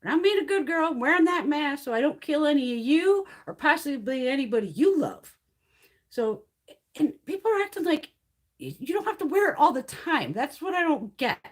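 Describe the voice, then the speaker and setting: A brash middle-aged woman hosting a casual livestream chat. Her voice sits a little high and swings widely as she vents, swearing freely and laughing between points. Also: normal speed. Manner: blunt, profane, animated ranting with laughs. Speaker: beauty livestream host. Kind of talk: casual chat while reading live comments.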